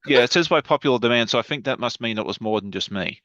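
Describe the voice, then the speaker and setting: A man's voice: mid-range voice, fast, a bit bright, dry recording, dull audio. A man chatting as a guest on a livestream over a video call, enthusiastic and rambling. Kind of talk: casual livestream chat.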